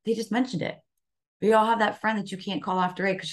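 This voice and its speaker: Speaking fast with fairly even intonation at a medium pitch, a wellness coach appears as a podcast guest discussing self-care casually. She peppers her conversation with "like" and often asks "right?"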